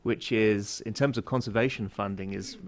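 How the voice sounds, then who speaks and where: Hesitant low-voiced male panelist. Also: steady tone, normal speed. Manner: hesitant, many fillers and restarts. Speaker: university teacher. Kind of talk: panel discussion answer.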